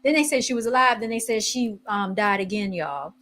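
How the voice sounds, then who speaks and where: A woman hosting a casual podcast, chatting in an animated way while searching online and reading posts aloud. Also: medium pitch, brisk. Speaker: podcast host. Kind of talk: casual chat.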